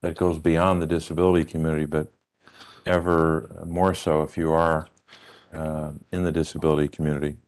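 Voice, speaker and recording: A man chairing a public hearing, asking questions in a measured, deliberate way and repeating points for emphasis. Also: rumbling low, little pitch movement, darkish tone, smooth. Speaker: committee chair.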